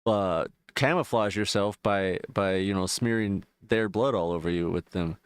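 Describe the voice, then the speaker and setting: A man with a low, smooth voice rambles casually through a stream, swearing freely and leaning on fillers. The sound is dry and close, with no room around it. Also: moderate pace, no echo. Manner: rambling, profane, loose retelling with frequent fillers. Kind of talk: casual chat while gaming.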